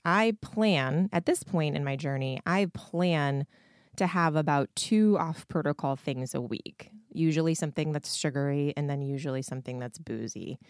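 Woman podcast host and coach, very low and hoarse today, candid and chatty, swears a little, dry close sound. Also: normal speed, no room sound. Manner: candid, swears freely, frequent likes and ums. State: hoarse, froggy. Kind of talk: casual answers to listener questions.

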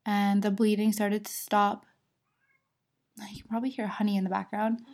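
A woman's voice: medium pitch, little pitch movement, moderate pace, a little mellow. Young woman on her podcast, telling her birth story candid and personal, laughs now and then. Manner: candid, laughing, with quoted voices of others.

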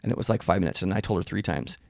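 A man's voice: sits low, animated, very fast, gravelly, no room sound, clean studio sound. A man in his thirties co-hosting a podcast, telling candid personal stories in casual chat and laughing often. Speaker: podcast co-host, husband.

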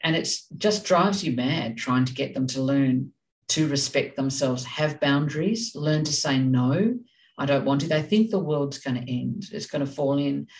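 A woman's voice: very deep voice, unhurried, far from the mic, low-quality recording. A woman co-hosting a parenting talk, speaking in a direct, passionate, emphatic way. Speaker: parenting podcast co-host. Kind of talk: casual discussion.

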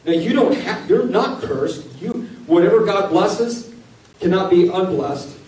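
A man's voice: sits high, unhurried. Man preaching in an echoey hall. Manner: animated, laughing, acts out quotes in raised voice. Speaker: pastor. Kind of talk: sermon. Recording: echoey room from far off mic, faint ambient noise.

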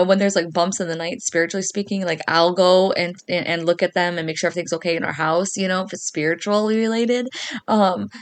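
Chatty woman host telling a spooky story. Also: fairly low pitch. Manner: animated, acts out quoted voices, laughs often. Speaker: podcast host. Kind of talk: casual storytelling.

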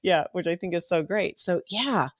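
Upbeat host voice, eager and agreeing, mid pitch, dry close recording. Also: normal speed, dry recording. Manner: enthusiastic, affirming, laughs easily. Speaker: podcast host. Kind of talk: casual podcast conversation.

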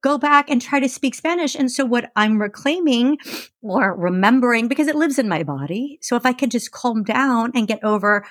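A woman talking as a podcast guest and author, chatty and animated, with lots of fillers. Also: fairly high pitch, normal speed, dry recording, clean studio sound. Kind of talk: casual conversational interview.

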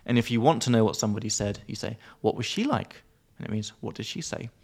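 A man's voice: on the low side, quick pace, creaky, darkish tone. Giggly young man explaining words. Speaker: podcast co-host, English teacher. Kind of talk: casual chat explaining vocabulary.

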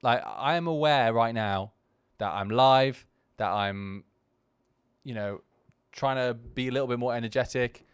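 Rambling man with a smooth, dry voice. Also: medium pitch, unhurried, no room sound. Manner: rambling, full of "you know" and restarts; candid and self-deprecating. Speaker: podcast host. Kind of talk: casual commentary on his own video.

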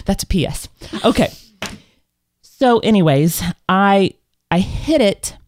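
A woman co-hosting a casual live talk show, telling stories in an animated, candid and self-reflective way. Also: medium pitch, takes it slowly, slight background noise. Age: adult with children. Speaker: podcast co-host. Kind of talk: casual chat.

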